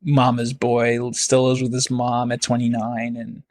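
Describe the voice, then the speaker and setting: A man's voice: medium pitch, completely flat delivery, measured pace, a little mellow, no room sound, studio quality. A man, a guest comedian and actor, talking casually and rambling with many fillers and laughs. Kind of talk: casual podcast conversation. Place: home, near Philadelphia.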